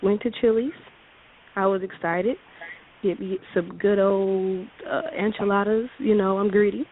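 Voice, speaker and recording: A woman calling in to a radio show, telling a date story in a lively way and acting out what people said. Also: mid-range voice, a little slow. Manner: animated, laughing, acts out quotes. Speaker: caller. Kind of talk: casual storytelling on call-in radio. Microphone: phone. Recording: tinny phone line with faint hiss.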